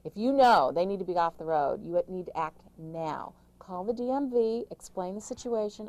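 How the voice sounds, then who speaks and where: A middle-aged woman, an author, giving emphatic, rapid-fire caregiving advice in an interview, with frequent restarts. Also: mid-range voice, animated, a little mellow, low-quality recording. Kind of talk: interview answers.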